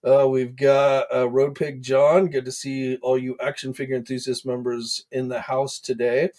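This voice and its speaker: A man hosting a casual livestream into his desk microphone. His pitch sits in the middle for a man, and he talks loosely, with frequent filler words and restarts. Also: little pitch movement, normal speed, darkish tone. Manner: chatty, many fillers, greets viewers by name. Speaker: host of an action figure news livestream.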